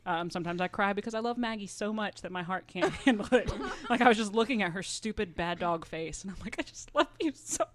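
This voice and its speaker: A woman's voice: medium pitch, fast, few pauses, slight background noise. A woman co-hosting a podcast in casual chat, candid and swearing freely, laughing often. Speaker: podcast co-host.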